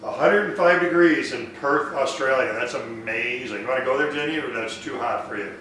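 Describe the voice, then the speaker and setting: A man hosting a woodworking live stream, answering viewer questions in a relaxed way that thinks aloud. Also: mid-range voice, a little fast, very echoey, distant mic, a little hiss or hum, poor audio. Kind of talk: casual live Q&A, reading viewer comments. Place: woodworking shop.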